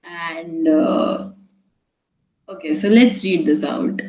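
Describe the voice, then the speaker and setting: A young woman gives an online class in a mellow, warm voice. She talks haltingly, full of fillers, and slips into Hindi phrases now and then. The sound carries an echo from the room. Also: low-pitched. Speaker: teacher.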